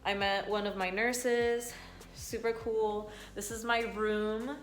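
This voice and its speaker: A young woman chatting casually to the camera while in labor, giggly and excited, pausing through contractions. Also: medium pitch, poor audio. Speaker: vlogger. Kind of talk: casual vlog chat.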